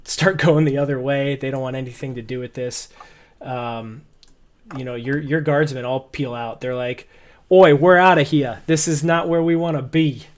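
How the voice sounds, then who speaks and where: A man narrating a tabletop game as game master over a video call, telling the story in an animated way and often repeating words. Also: mid-range voice.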